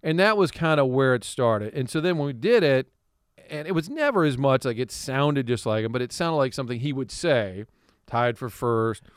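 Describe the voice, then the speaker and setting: A male radio guest telling an animated story in a studio, laughing often and slipping into impressions. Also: medium pitch, a little fast, smooth, dry recording.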